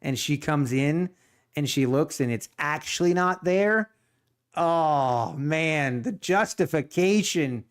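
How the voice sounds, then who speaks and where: A middle-aged day trader chats casually on his live stream, joking, laughing often and rambling while answering viewer chat. His voice is a little high, expressive and smooth, and he speaks slowly.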